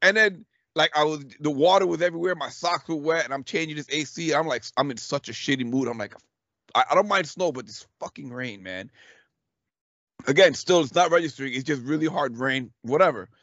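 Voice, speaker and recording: Excitable man telling a wild story. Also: a little high, brisk, no room sound. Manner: animated, swearing, laughs often, acts out quotes. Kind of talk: casual storytelling chat. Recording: dull, dry lo-fi recording.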